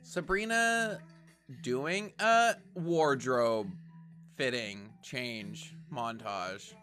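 A reaction commentator watches a show and fires off chatty wisecracks, talking back at the screen. He drags his words out in a sharp, medium-pitched voice while faint music plays behind him.

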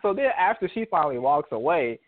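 A man telling a rambling story in a relaxed, casual chat. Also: fairly high pitch, fast, no room sound. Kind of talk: casual chat about a movie. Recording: dry tinny phone line.

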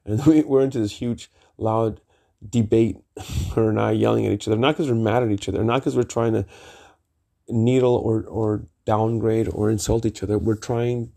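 Gravelly middle-aged man telling rambling stories. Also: on the low side, fairly even intonation, moderate pace, mellow. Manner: emphatic, swears freely, digressive. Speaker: vlogger. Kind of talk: rambling personal storytelling.

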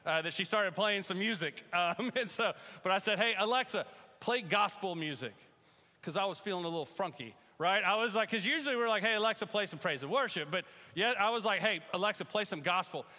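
A man preaching a casual, conversational sermon in a church, animated and bursting into loud calls to the congregation. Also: high-pitched, a little fast, long reverb tail. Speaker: pastor. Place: church sanctuary.

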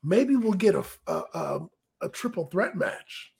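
A man's voice: high voice, sing-song, measured pace, creaky, a little mellow, husky. A man co-hosting a casual wrestling recap show, laid-back and jokey as he walks through the matches. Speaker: podcast co-host.

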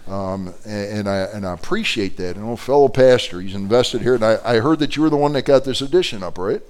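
A man teaching an adult Bible class as a pastor, telling stories animatedly with many fillers and restarts. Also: lowish voice.

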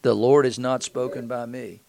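A preacher reading as a stern grim prophet. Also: male voice, mid-range voice, steady tone, normal speed, vocal fry, a little mellow, no room sound, natural voice. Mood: solemn. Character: stern grim-spoken male Hebrew prophet.

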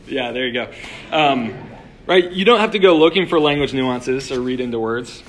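A man's voice: mid-range voice, lively intonation, normal speed, slight background noise. Man preaching in a casual, chatty way. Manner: conversational, lots of "like" and restarts. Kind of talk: casual sermon. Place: room with a live audience.

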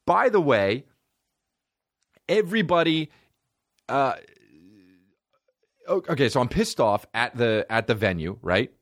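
A male comedian and podcast host telling a profane, animated personal story in casual chat. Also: mid-range voice, a little slow, pauses often, no echo, studio quality.

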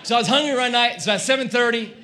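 A male pastor preaching a sermon, telling a comic story in an animated way and acting out his own shouting. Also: very high-pitched, racing. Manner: animated, acts out quoted shouting.

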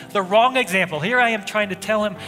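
A pastor preaching a sermon, telling a personal story in a loose conversational way with frequent restarts. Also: male voice, sits high, normal speed, bright, forceful tone. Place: church sanctuary. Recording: long hall reverb, faint music.

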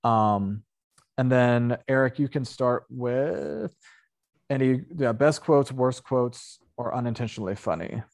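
A podcast host with a medium-pitched, somewhat dark voice speaks unhurriedly in a casual movie review chat. He rambles, using many fillers and correcting himself.

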